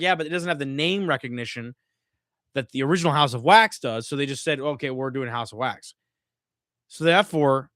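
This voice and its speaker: A man's voice: fairly high pitch, dry recording, studio quality. A man hosting a casual live stream from home, swearing freely and a little drunk as he rants. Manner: profane, animated ranting. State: tipsy from drinking. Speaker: streamer host.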